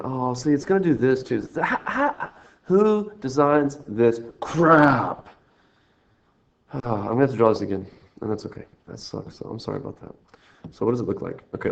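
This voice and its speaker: A man's voice: on the low side, vocal fry, darkish tone. A man teaching a recorded math lesson, walking through problems in a jokey, self-mocking, rambling way. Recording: dull lo-fi screen recording.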